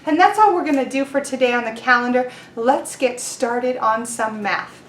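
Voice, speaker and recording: A woman teaching young children in an online class, leading calendar time and storytime in a gentle, encouraging way. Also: high voice, moderate pace, slight background noise. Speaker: preschool teacher.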